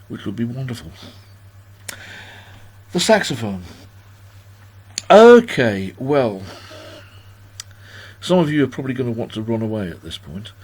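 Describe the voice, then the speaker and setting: Rambling, self-deprecating man in his sixties. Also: medium pitch. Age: 60s. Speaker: host of a livestream birthday party. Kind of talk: casual chat. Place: at home.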